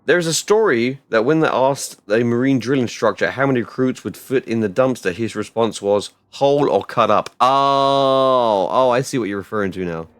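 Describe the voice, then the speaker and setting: A man streaming a game live, rambling casually and bursting out loudly when things go right. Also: medium pitch, normal speed, few pauses, dry recording. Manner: rambling and excitable, with loud outbursts. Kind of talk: casual live-stream chat while gaming.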